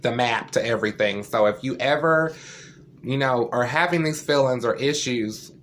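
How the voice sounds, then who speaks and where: A man's voice: mid-range voice, moderate pace, fairly bright tone, a little hiss or hum. Earnest man vlogging a personal story. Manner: earnest, candid and heartfelt; loose and conversational, with many fillers.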